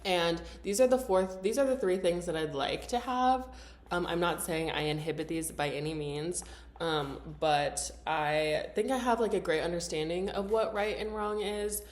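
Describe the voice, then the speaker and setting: Low-voiced young woman musing aloud. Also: moderate pace. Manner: casual, rambling, talks while eating; reads questions from her journal. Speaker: vlogger. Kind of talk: reflective personal vlog.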